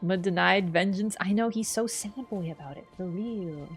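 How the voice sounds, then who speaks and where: A woman's voice: medium pitch, normal speed, husky, soft background music. A young woman streaming a game, chatting casually and answering her chat in a playful way.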